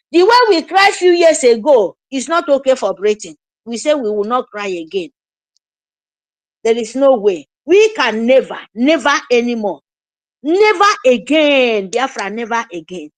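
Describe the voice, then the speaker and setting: A Nigerian woman delivers an impassioned address in a high voice that swings widely in pitch. She speaks slowly and insists, repeating herself with urgent pleading. The recording is dry and close. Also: dry recording. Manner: emphatic, repetitive, urgent pleading. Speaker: activist commentator.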